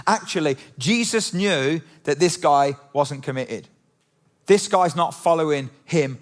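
A man preaching a sermon in a church, animated and conversational, full of rhetorical questions. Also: fairly high pitch, brisk. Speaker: pastor. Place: church auditorium.

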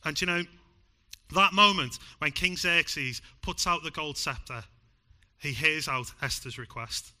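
A man with a Liverpool accent preaching a sermon in church, emphatic one moment and hushed the next. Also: a little high, measured pace. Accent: Liverpool (Scouse). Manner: emphatic, swings from loud to hushed.

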